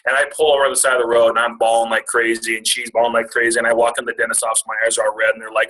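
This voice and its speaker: A man's voice: medium pitch, little pitch movement, quick pace, sharp tone, rough recording. A man in his twenties telling a personal family story at a retreat, rambling and self-deprecating with jokes. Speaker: speaker at a retreat.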